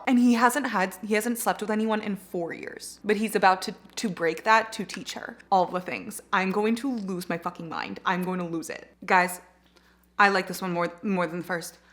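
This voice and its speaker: A woman in her twenties chatting casually in a reading vlog, gushing and excitable, swearing freely. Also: medium pitch. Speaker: reading vlogger.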